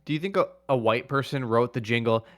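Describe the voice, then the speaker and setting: A man's voice: medium pitch, brisk, a bit bright, faint music behind. A man chatting playfully on a podcast, hesitant and full of "like" and "um". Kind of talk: casual chat.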